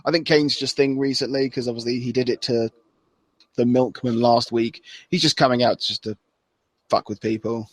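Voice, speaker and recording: A man's voice: mid-range voice, fairly even intonation, moderate pace, dry recording. Rambling male podcast co-host, dry sound. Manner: loose and rambling, acts out wrestlers' lines with laughs. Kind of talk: casual chat.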